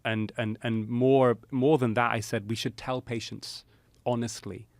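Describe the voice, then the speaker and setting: A middle-aged man, a cardiologist guest on a podcast, tells a story in an animated way, with many "you know" fillers. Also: medium pitch, a little slow, dry recording.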